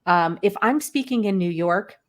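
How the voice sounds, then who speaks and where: An energetic American woman explains vocal technique as a guest on an online show. She talks quickly and keeps her points flowing, and her voice sits at a medium pitch for a woman. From United States. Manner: quick, energetic, self-described fire hose. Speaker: guest voice and speaking coach. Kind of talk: conversational expert explanation.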